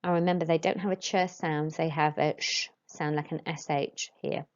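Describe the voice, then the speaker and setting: A woman, teaching French to pupils and modelling each word slowly and clearly. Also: sits low, fairly even intonation. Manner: slow, careful modelling of pronunciation for pupils. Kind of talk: recorded classroom lesson. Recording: dull lo-fi recording.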